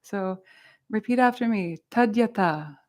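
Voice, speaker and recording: A woman from Central California teaching a Buddhist meditation class, explaining gently with a light, playful touch. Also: fairly low pitch, steady tone, measured pace.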